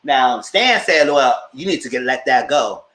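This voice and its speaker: A man hosting a TV review show, recapping scenes in a lively, casual way and acting out people's lines in exaggerated voices. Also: a little slow, roomy sound. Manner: acts out quotes in exaggerated voices, squeals high.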